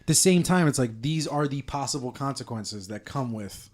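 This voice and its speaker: A man's voice: medium pitch, animated, moderate pace. Profane male podcaster telling a story. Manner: profane storyteller, drops into quoted voices. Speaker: podcast co-host. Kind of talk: casual comedic podcast banter.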